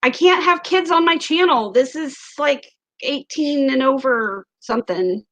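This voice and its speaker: A woman's voice: high-pitched, a little slow, a bit bright. A chatty woman with an Ozarks accent who hosts a casual livestream, giggling often and reading viewer comments aloud into a webcam mic. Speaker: livestream host.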